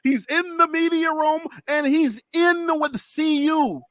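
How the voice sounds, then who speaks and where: Host, male, very high voice, excitable and animated, recorded dry. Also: takes it slowly, no room sound. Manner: animated, excitable, laughs often. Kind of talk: casual sports reaction talk.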